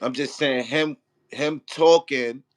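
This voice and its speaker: A man talks his point through in a loose, rambling way, circling back and checking that he's understood. His voice sits at an ordinary middle pitch. The sound is dry and close, with no room around it. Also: slow pace, no room sound. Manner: rambling, repeats "you feel what I'm saying". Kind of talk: casual debate.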